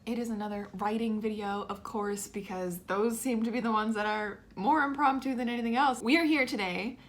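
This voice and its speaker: A woman's voice: on the high side, a little fast. A young woman vlogging about planning her novel at home, chatty and bubbly, with fillers and little laughs. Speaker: writing vlogger. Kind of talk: casual chat to camera. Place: home room with a guitar.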